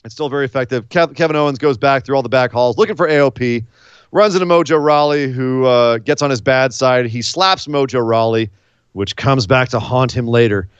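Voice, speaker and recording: A man's voice: mid-range voice, fairly quick, clean tone, no room sound. A man co-hosting a podcast, chatting casually and recapping events in a rambling, playful way. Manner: rambling, playful, fond of doing impressions. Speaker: podcast co-host. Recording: slightly dull lo-fi sound.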